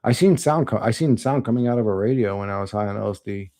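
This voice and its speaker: A man's voice: on the low side, fast, mellow. A man on a livestream, reading chat comments and answering them in blunt, profane, rambling talk.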